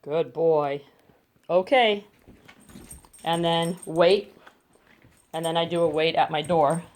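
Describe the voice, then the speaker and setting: Speaking slowly in a low, somewhat mellow voice with fairly even intonation, a woman dog trainer walks through crate training step by step. She's at home in her bedroom, recorded on a phone camera, and shifts into coaxing praise for her dogs during the demonstration.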